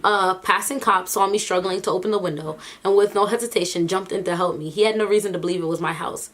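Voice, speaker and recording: An animated woman vlogger reacting in casual commentary. Her voice sits at an ordinary middle pitch, and she sounds incredulous, with frequent bursts of disbelieving laughter. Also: quick pace.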